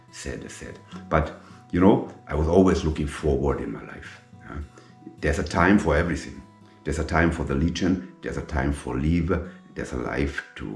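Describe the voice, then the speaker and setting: Brief: middle-aged German-native man, extremely low gravelly voice, slow emphatic storytelling, echoey room, faint guitar behind. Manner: slow, emphatic and repetitive, with French military terms. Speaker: former legionnaire telling his story. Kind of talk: personal storytelling monologue.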